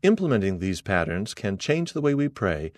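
A man's voice: fairly low pitch, big pitch swings, a little mellow, dry recording. Earnest man reading in a dry booth. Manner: measured, earnest reading with quoted scripture. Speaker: narrator reading an article aloud. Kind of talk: scripted narration.

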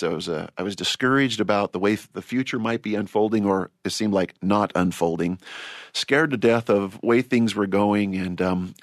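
A man's voice: fairly low pitch, no echo, clean studio sound. A man hosting a church-themed panel discussion, telling stories in a reflective way and often restarting his words. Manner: storytelling, reflective, repeats words when starting. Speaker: host.

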